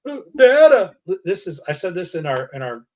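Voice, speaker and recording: A man hosting a casual comic review, sardonic and quick to swear, stumbling over his words. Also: a little high. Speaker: host.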